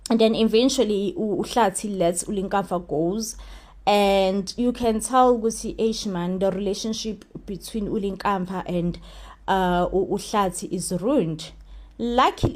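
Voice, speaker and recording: A woman's voice: medium pitch, a little mellow. A South African woman hosting a casual soap recap vlog, chatting freely and mixing in isiZulu or isiXhosa words with lots of "you know".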